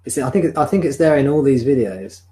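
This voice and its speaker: Male spiritual teacher, calm and reflective, live-streamed home satsang, close sensitive desk mic. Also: medium pitch, a little hiss or hum, low-quality recording. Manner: calm, reflective, answers viewer questions slowly. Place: home room. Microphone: sensitive desk microphone.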